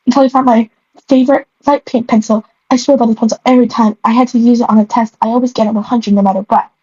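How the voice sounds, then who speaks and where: Fast-talking and warm-toned, this young woman has a fairly high, slightly rough voice and a steady tone as she reads her old story aloud. She trips over lines, halts to ridicule what she wrote, and giggles throughout. The sound is lo-fi, dull, and dry.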